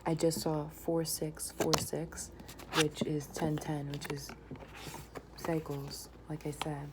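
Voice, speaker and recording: Low-voiced woman whispering tarot readings. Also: slow pace. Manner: often drops to a whisper, excited exclamations. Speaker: tarot reader. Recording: noisy home recording.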